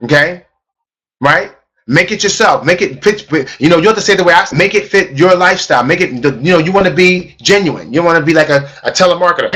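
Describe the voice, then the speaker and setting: A man's voice: on the high side, lively intonation, quick pace, a bit bright, slightly rough. A man teaching a live online sales webinar as a trainer, talking emphatically and repeating key phrases for stress.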